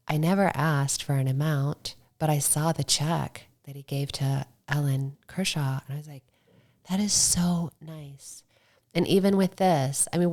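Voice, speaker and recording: A middle-aged woman with a notably low voice, chatting on a podcast. She tells her stories in a relaxed, talkative way and acts out what other people said, sometimes sinking to a soft whisper. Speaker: podcast guest, motorcycle club founder. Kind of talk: casual podcast conversation.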